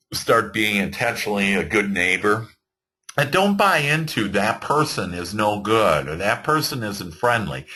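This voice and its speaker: A man giving an earnest motivational talk to entrepreneurs, animated, with frequent fillers and restarts. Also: on the low side, husky. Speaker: motivational speaker. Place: virtual webinar.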